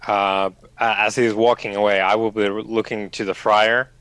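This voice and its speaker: A man playing a tabletop game, describing his action haltingly with restarts. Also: lowish voice, flat delivery, fairly bright tone, clean tone, no echo, poor audio. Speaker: player.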